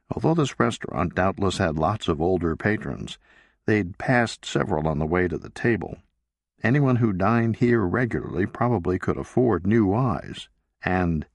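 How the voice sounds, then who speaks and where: A man reading a novel aloud as narrator, in a slow, measured way. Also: low voice, gravelly, no room sound, clean studio sound. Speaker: audiobook narrator. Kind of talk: scripted narration.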